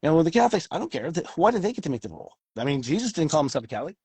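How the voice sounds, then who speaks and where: Husky, animated man who swears freely. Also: fairly high pitch, racing, no echo. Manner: animated, swears freely, acts out quoted voices. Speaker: astrology show co-host. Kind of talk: casual chat.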